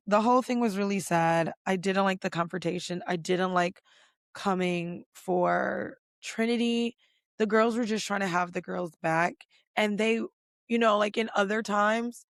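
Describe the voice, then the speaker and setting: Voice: medium pitch, creaky, no echo, studio quality. A podcast host doing a casual pop culture recap, ranting bluntly and profanely, with lots of "like" fillers. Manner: filler-heavy with many "like"s.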